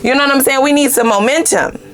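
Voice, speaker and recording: A woman giving a tarot reading in a casual, chatty, profane way, often jumping up into loud high exclamations. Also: quick pace, soft background music. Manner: chatty, blunt and profane, with frequent "you know what I'm saying". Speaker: tarot card reader.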